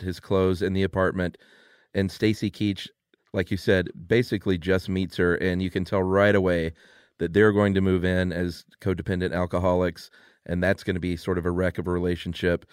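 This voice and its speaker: A man in casual conversation, talking about a film in an easygoing, halting way. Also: deep voice, flat delivery, clear, resonant tone, no echo, studio quality. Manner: easygoing, halting, backchannels often.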